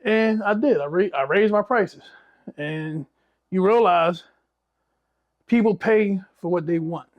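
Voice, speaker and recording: A man's voice: sits high, slow, pauses often, dull audio. A man, a business owner telling blunt, profane stories in a casual podcast chat.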